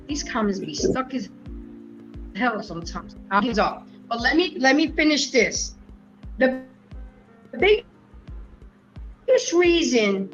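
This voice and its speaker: A woman's voice: fairly high pitch, fairly bright tone. A middle-aged woman hosting a live-stream discussion, talking frankly and with passion, cursing freely. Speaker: host. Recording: dull lo-fi stream audio.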